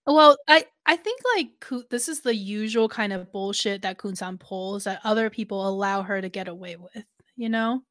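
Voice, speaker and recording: Animated woman venting about a show. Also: medium pitch, normal speed, hardly any pauses, no room sound, studio quality. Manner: animated, profane, laughing. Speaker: show recap co-host. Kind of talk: casual chat.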